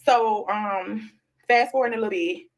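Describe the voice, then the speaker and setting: A woman, telling a casual storytime about her past to her viewers, animated and slangy. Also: mid-range voice, unhurried. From Florida, USA. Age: 30s. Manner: animated, slangy, addresses viewers as y'all and child.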